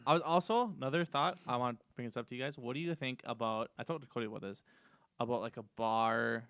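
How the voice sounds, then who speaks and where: A man's voice: mid-range voice, fast, fairly bright tone, clear, resonant tone, no echo, clean studio sound. A young man hosting a casual podcast at home, rambling with lots of fillers and restarts. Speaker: podcast host. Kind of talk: casual chat. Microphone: desk mic.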